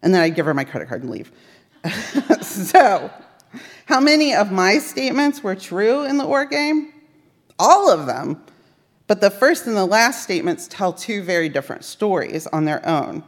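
A woman's voice: mid-range voice, very animated, normal speed. A woman giving a sermon built around a personal story, wry and self-mocking as she tells it. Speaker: speaker at a Unitarian Universalist service. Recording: long reverb of a large hall.

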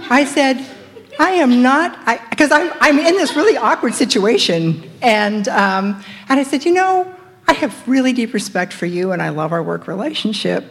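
A woman's voice: on the high side, unhurried. A middle-aged woman in a group discussion, animatedly telling a story and acting out the dialogue. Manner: animated, acts out quoted dialogue. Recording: long hall reverb.

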